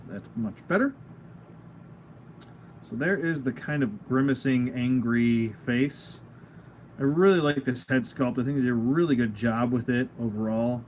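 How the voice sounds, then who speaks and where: A toy reviewer and channel host does a casual unscripted product review at home beside a table of figures, goofy and rambling and laughing at his own jokes. He speaks a little slowly in a medium-pitched, darkish voice, with a little hiss or hum in the audio.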